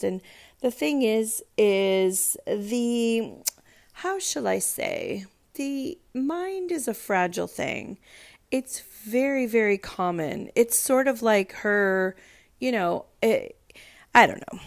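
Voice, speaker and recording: A woman's voice: medium pitch, a little slow, vocal fry, no room sound, clean studio sound. A woman podcast host with a congested, stuffed-up voice, casually recapping a TV show with rambling, sarcastic asides.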